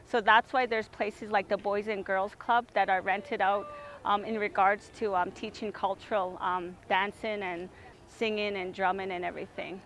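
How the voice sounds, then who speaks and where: A woman's voice: mid-range voice, fairly even intonation, moderate pace, a bit bright, slight background noise. A woman in her forties from the Siksika Nation, a supervisor, plainly explaining tribal traditions in an interview. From Siksika Nation, Alberta.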